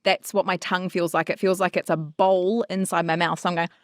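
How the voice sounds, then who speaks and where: A woman's voice: fairly low pitch, flat delivery, fairly quick, no room sound, clean studio sound. A woman co-hosting a podcast, casually explaining vocal anatomy and technique. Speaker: podcast co-host. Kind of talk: casual chat about voice technique.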